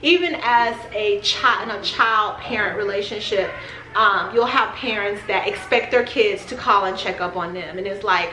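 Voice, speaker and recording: A woman's voice: a little high, normal speed, bright, forceful tone, soft background music. A woman vlogger giving casual advice straight to the camera, talking conversationally and repeating phrases for emphasis. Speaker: parenting vlogger. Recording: roomy echo.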